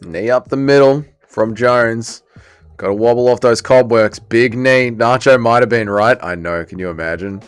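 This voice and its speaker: An excitable young man with a Welsh accent, talking fast and loose as he hosts a live watch-along stream. His voice sits in an ordinary middle register. Faint music hums behind him. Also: mid-range voice, clean tone. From Wales. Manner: excitable, chatty, reads chat aloud. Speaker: livestream host. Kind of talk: casual livestream watch-along commentary.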